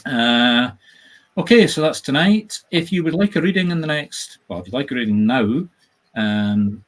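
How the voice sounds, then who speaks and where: A Scottish man chats through a live stream, spinning chatty stories and jokes. His pitch sits in an ordinary middle range, and he talks with animated, lively energy. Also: normal speed. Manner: chatty, animated, jokey storyteller. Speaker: medium and host. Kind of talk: casual live-stream chat. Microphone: video call setup.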